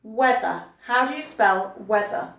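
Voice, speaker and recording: A woman's voice: mid-range voice, expressive, a little slow, a bit bright, roomy sound. A woman, teaching a spelling lesson, patiently repeating words and spelling them out letter by letter. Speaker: English teacher. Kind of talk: online English spelling lesson.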